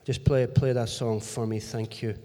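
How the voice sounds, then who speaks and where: A man's voice: mid-range voice, flat delivery, moderate pace, dark tone. A man pastoring a church service, reading scripture and giving directions to the congregation and tech team. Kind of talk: leading worship service. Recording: reverberant church hall with music.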